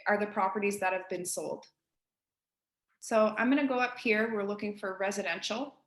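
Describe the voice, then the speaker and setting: A woman's voice: a little high, a bit bright. Woman, East Coast Canadian accent, casual hands-on tutorial, direct and chatty, echoey room. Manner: chatty, direct, addresses listeners as guys. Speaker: real estate agent teaching colleagues.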